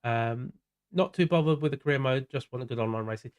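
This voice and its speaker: Casting: South London man, relaxed streamer chat, greets viewers by name, mid-pitch voice, mumbled asides. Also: quick pace, smooth. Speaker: sim racing streamer. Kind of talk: casual livestream chat while gaming.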